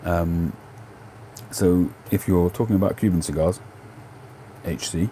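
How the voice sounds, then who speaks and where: A middle-aged Englishman with a London Cockney accent hosts a livestream, answering viewer questions in a relaxed, rambling manner full of ums and self-corrections. His voice is low and his pace measured, with slight background noise.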